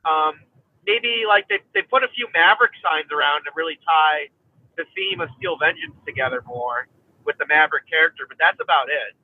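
A man with a higher voice talks in a rambling way, full of pauses and fillers, hiccuping as he goes. His voice comes over a tinny, phone-like line with a dry, close sound. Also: dry recording. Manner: rambling, many fillers and restarts. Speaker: guest. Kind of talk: casual chat.

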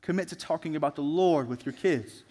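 Earnest young preacher in a big hall. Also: male voice, a little high, a little mellow. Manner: earnest and exhorting, with slow emphatic phrases. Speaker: student pastor. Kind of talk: sermon.

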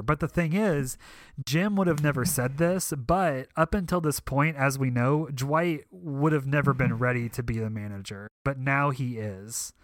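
Young male podcaster, mid-pitched, eager and rambling, dry booth sound. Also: measured pace, no room sound. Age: young adult. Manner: rambling, emotional fan enthusiasm. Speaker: podcast co-host. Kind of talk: casual podcast chat.

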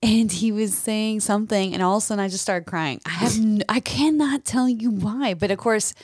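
A woman in her thirties telling stories in a casual podcast chat, animated and laughing often. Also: medium pitch, moderate pace, dry recording, studio quality. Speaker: podcast co-host.

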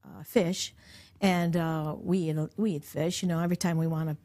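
A middle-aged woman talks casually in a somewhat low voice. She rambles along, full of fillers and false starts. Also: steady tone, moderate pace, warm tone. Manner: rambling, many fillers and restarts. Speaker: interviewee. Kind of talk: casual chat.

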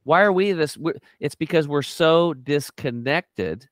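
Middle-aged guy on a health talk show, smooth clear voice, dry close mic, acts out every quote. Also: measured pace, no room sound. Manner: animated storyteller, acts out quotes with big pitch jumps. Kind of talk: energetic conversational interview.

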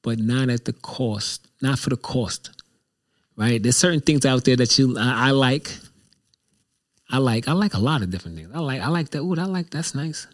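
A man's voice: mid-range voice, animated, normal speed. A man hosting his own show, talking in a casual, reflective monologue that rambles and repeats itself candidly. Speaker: show host.

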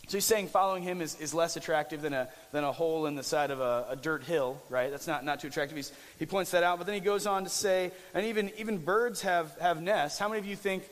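A man's voice: on the high side, quick pace, hardly any pauses, big-room sound. A young man preaching a casual, conversational sermon as pastor, with restarts and jokey asides.

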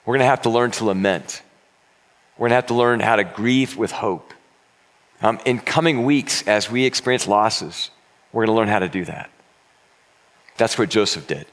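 A man's voice: medium pitch, fairly bright tone. A man preaching a sermon, retelling a scripture story in an earnest way with frequent stammered restarts. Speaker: pastor.

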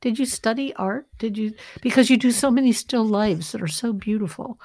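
A woman hosting an interview, reading a measured scripted introduction and asking questions. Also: on the high side, a little mellow, no room sound. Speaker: podcast host.

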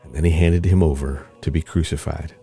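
A man giving an expressive, storytelling scripture reading as the show's reader. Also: very deep voice, fairly quick, creaky, husky, soft background music.

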